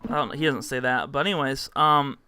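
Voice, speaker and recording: A man's voice: mid-range voice, fast, pushed and bright, clear, resonant tone, dry recording. A young man casually telling a rambling story to camera, full of fillers and acted-out quotes. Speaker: vlogger.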